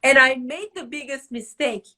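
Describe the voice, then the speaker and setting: A woman in the beauty trade chatting casually, telling a client story with lively acted-out dialogue. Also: high voice, moderate pace. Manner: animated, acts out quoted dialogue. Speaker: microblading artist and academy host.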